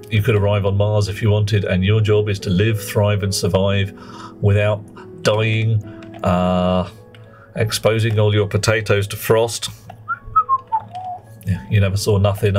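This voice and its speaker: A man's voice: on the low side, a little mellow. A man streaming a game live, chatting in a jokey, rambling way and greeting viewers between explanations.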